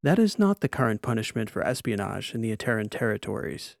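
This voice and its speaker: A stiff, literal robot aide in a sci-fi audiobook, as a male reader gives it voice, talking in flat, formal, exact phrases. The tone is gravelly and the sound is close and dry. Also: on the low side, quick pace, no room sound. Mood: matter-of-fact. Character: literal-minded robot assistant. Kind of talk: audiobook character voice.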